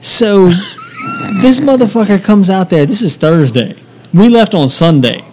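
Podcast co-host, male, slightly high pitch; profane, lively storyteller in casual chat. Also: a little slow, husky.

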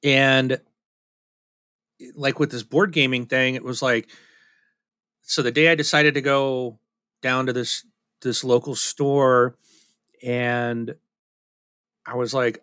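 A man's voice: mid-range voice, unhurried, pauses often, pushed and bright, dry recording, clean studio sound. A man co-hosting a podcast in casual chat, talking candidly and self-deprecatingly, rambling with restarts. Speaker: podcast co-host.

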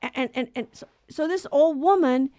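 A woman co-host teaches about faith in a conversational way. She tells stories earnestly and acts out the voices she quotes. Her voice sits a little high, and the recording is dry and close. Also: moderate pace, warm tone, no echo. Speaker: co-host of a Catholic talk show.

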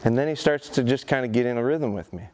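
Speaking fast at a medium pitch, with a darkish tone and a little hiss or hum, a man runs a live dog-training seminar before an event audience. Short, repeated commands and praise coax the dog, after which he explains things plainly to the audience through rhetorical questions.

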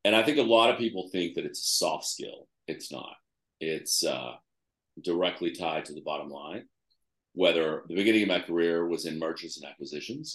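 Very deep-voiced man in echoey room. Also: a bit bright. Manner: conversational, lists examples with fillers. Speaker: guest author. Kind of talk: interview.

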